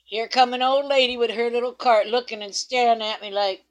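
Higher-voiced woman telling a laughing anecdote. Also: steady tone, fairly quick, few pauses, poor audio. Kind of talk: casual chat.

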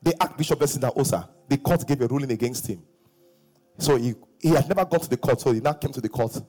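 A middle-aged pastor preaching a sermon, breaking into sung phrases and shouts and acting out quoted voices. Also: male voice, mid-range voice, fast talker, soft background music.

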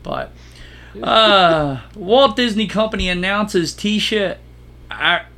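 Here the man speaks slowly in a high voice, co-hosting a podcast in relaxed chat. He narrates with gusto, playing the parts of the people he quotes.

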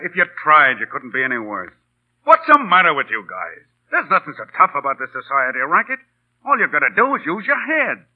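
A man's voice: on the high side, narrow, tinny audio. A bossy big-city gang boss who barks orders in street slang, his voice rising and falling a lot. It comes through a scratchy 1930s radio broadcast. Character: brash fast-talking male gang boss, streetwise.

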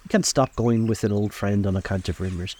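A man reading a novel aloud in a calm, measured way, recorded outdoors on a lakeside deck. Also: lowish voice, breathy edge. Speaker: storyteller.

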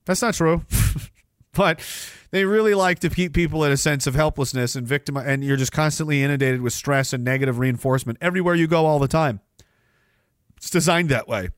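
A man's voice: on the high side, brisk, no room sound, clean studio sound. A man hosting a podcast, delivering rambling political commentary in a sarcastic, profane way. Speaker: podcast host. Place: Canada.

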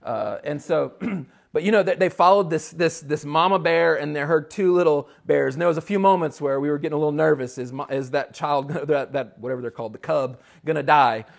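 A man preaching a sermon in a conversational, animated way, with quick asides and restarts, a father of young boys. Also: on the high side, creaky. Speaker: pastor.

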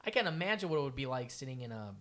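A young man in casual podcast chat, animated and swearing, acting out quotes in a raised voice. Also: medium pitch, racing. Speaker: podcast co-host, improv performer.

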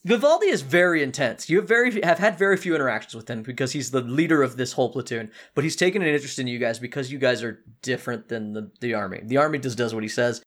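Man, game master, casual narration, mid-pitched voice. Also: quick pace, hardly any pauses. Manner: casual, descriptive, relaxed.

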